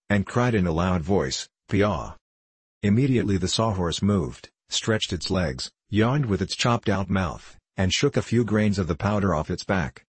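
Male storybook narrator, husky and deep, steady delivery, dry close sound. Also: no room sound. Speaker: audiobook narrator. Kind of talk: scripted narration.

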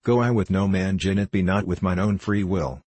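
A blustering, quick-tempered tinker from an old storybook tale, as a man reads him aloud. He talks in archaic speech with a low, husky voice, recorded close and dry. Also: darkish tone, no room sound. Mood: boastful. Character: boastful brash male tinker, adult, quick-tempered.

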